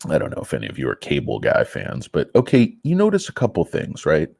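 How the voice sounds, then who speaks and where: A man's voice: extremely low pitch, huge pitch swings, fairly quick, gravelly, few pauses, darkish tone, no echo, clean studio sound. A man hosting a stock market vlog in a blunt, profane, sarcastic rant. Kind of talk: casual ranting vlog.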